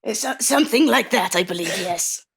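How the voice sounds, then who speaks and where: A woman's voice: on the high side, animated, a little fast, vocal fry, fairly bright tone, slightly rough. A woman playing a tabletop game in character, hesitant and stammering. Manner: hesitant, stammering, mildly sheepish. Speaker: player.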